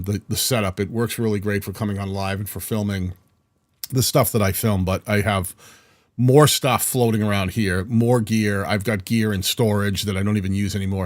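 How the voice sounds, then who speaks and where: New england guy in his 50s rambling through a live stream, lowish voice, dead dry sound. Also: no room sound. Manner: chatty and rambling, with frequent restarts. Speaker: video editing channel host. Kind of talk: casual live-stream chat reading comments. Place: home video studio.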